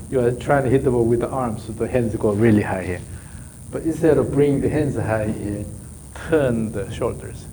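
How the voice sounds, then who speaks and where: A man's voice: on the low side, background noise. A man working as a golf coach in a live session, calling out short repeated drill cues and then explaining the movement.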